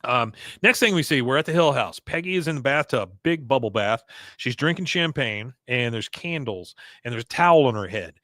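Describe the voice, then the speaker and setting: A man hosting a podcast, recapping an episode with animated storytelling and frequent laughs. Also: mid-range voice, moderate pace, no room sound, clean studio sound. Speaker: podcast host.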